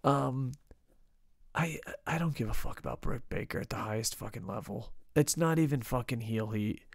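A gravelly-voiced man from New Jersey co-hosts a loose wrestling review, swearing freely and laughing through his rants. His voice sits at an ordinary middle pitch and is recorded close and dry, with no room sound. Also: moderate pace, no room sound. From United States, New Jersey. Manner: profane, emphatic, laughs often. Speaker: podcast co-host. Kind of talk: casual wrestling review chat. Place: lives in Japan.

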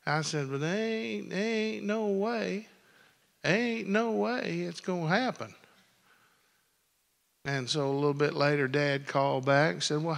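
A man's voice: on the high side, vocal fry, bright, forceful tone, in a large hall. A man preaching a sermon as pastor in a church, folksy and rambling. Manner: folksy, rambling with many restarts. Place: church sanctuary.

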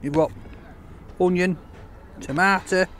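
Male food vlogger, jokey and upbeat, slightly high voice, recorded outdoors. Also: fairly even intonation, slow pace, a bit bright, slight background noise. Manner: chatty, enthusiastic, jokey. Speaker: takeaway reviewer. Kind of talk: casual food review vlog.

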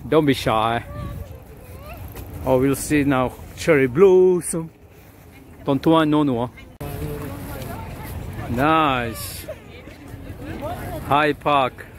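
A man vlogging outdoors in a city park, chatting with passers-by in an excitable way and repeating words and phrases. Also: medium pitch, very slow, pauses often, some chatter behind, a little hiss or hum. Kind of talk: casual vlog chat with passers-by.

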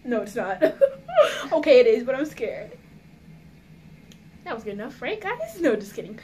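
A woman's voice: on the high side, very animated, moderate pace, noisy background. A woman chatting casually in a home vlog, giggly and nervous, talking straight to her viewers. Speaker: vlogger. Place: at home indoors.

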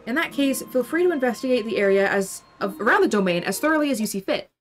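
A woman's voice: on the high side, lively intonation, fast, faint music behind, natural voice. A woman voicing a gracious, polite young female fish-folk noble, reading game dialogue aloud in a formal, courteous way.

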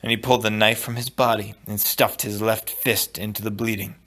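A man reading a novel aloud in a steady, measured narration. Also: fairly low pitch. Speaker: audiobook reader. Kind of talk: storybook read-aloud.

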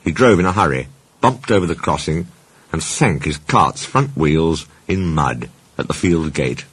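A man narrating a children's storybook with expressive, varied delivery. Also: very deep voice, moderate pace, breathy edge. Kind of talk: storybook reading. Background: music.

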